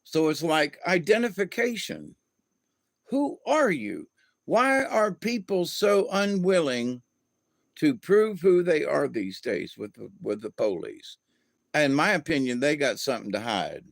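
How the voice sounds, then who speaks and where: Slow, deliberate man with a higher voice. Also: very animated, gravelly, no room sound, clean studio sound. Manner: slow and deliberate, acts out quoted dialogue. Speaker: video host. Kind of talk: opinionated monologue.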